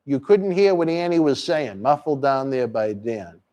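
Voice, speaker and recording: A man's voice: medium pitch, very animated, moderate pace, dark tone, highs cut off. A man hosting a live wrestling chat stream, rattling off promotions and crude jokes. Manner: brash promotional patter and crude teasing. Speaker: host.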